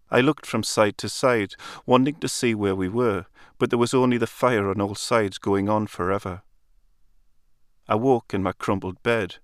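A man reading a literary story aloud in a calm, measured storytelling manner. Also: fairly low pitch, clear, resonant tone, dry recording, clean studio sound. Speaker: narrator. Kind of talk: literary audiobook narration.

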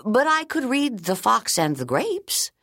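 A woman voicing a kind, patient schoolteacher in an audiobook, speaking gently and reassuringly. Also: fairly high pitch, very animated, measured pace, no echo, clean studio sound, pitched above the performer's own voice, heavily acted. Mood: gentle. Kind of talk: audiobook character reading.

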